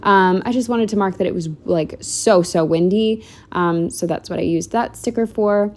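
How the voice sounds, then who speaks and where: A woman's voice: medium pitch, normal speed, a little mellow, a little hiss or hum. A woman narrating a casual planner walkthrough at home, chatty and rambling with lots of "like" and "um". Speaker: planner vlogger.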